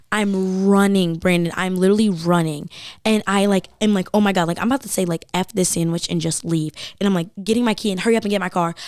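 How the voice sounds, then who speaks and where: A woman, telling an animated story as a guest on a casual podcast, saying "like" a lot. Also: medium pitch, no room sound, clean studio sound.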